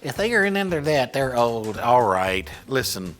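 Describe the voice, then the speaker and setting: A man acting as a ventriloquist guest in a comic children's Bible lesson, patient and chatty and quick to laugh. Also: mid-range voice, big pitch swings, fairly bright tone.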